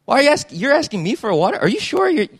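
A man's voice: extremely high pitch, lively intonation, fast, creaky, pitched above the performer's own voice, full character voice. A man voicing a startled Samaritan woman who fires off incredulous questions.

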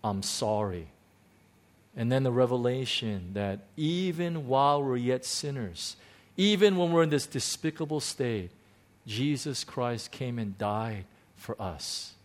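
A pastor preaching a heartfelt testimony sermon, stumbling and restarting, swinging from hushed confession to exclaiming joy. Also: male voice, mid-range voice, animated. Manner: emotional, halting, many restarts, swings between hushed and exclaiming.

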